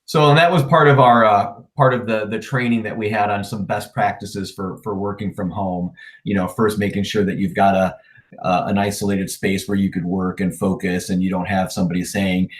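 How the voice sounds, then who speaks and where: A managing partner talking casually in a remote interview, relaxed and plain-spoken, with frequent "uh"s and restarts over a video call. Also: male voice, on the low side, moderate pace. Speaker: managing partner of an insurance agency.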